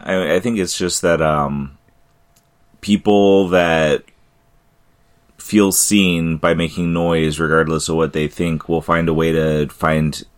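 A man co-hosting a podcast, talking in a relaxed, chatty way and laughing often. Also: extremely low pitch. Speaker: podcast co-host. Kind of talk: casual chat.

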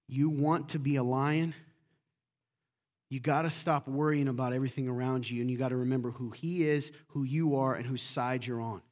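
A middle-aged man preaching a sermon as pastor, lively and acting out quoted voices. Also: mid-range voice, normal speed.

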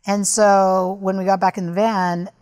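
A woman's voice: mid-range voice, flat delivery, a little slow, a little mellow. A woman guest on a podcast, candidly and earnestly recounting a personal story.

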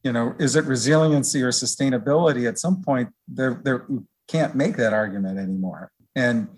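A middle-aged man as an interview guest, explaining in a relaxed, rambling way with many fillers. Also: mid-range voice, a little fast, slightly rough. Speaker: research director guest. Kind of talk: conversational interview.

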